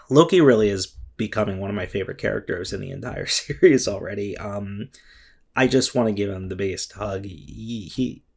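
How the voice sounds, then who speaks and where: Low-voiced man rambling emotionally. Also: normal speed, gravelly, slightly rough. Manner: rambling and emotional, many fillers and restarts, swears. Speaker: vlogger reviewing a comic chapter. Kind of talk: casual spoken commentary.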